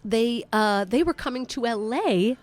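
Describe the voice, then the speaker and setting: Appearing as a guest on a podcast, a woman comedian tells a story in casual conversation, lively, swearing freely, and tossing in quick asides. Her voice leans high, with faint music in the background.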